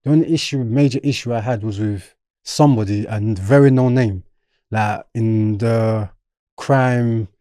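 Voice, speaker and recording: This young man from London speaks in a lowish, unhurried voice with a South London accent, captured at studio quality without echo. As a podcast guest he spins an animated tale in street slang, voicing other people's lines himself.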